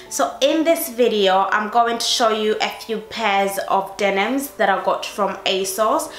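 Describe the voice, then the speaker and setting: A woman's voice: fairly high pitch, fairly bright tone. A woman with an accent mixing London and Northeast English, talking casually and chattily to her viewers in a try-on haul. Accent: mix of London and Northeast English. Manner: chatty, addressing viewers directly. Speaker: fashion YouTuber. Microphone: camera mic. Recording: echoey room, faint music.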